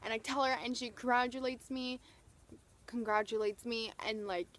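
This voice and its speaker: A young woman vlogger gushing through an excited storytime, full of "like" and retold quotes. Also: on the high side, moderate pace, slight background noise. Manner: gushing, breathless retelling full of "like".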